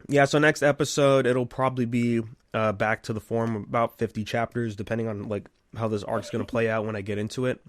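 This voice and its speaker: A man co-hosting a casual podcast, talking in a relaxed, rambling way with lots of fillers. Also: mid-range voice, brisk, hardly any pauses, no echo. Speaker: podcast co-host.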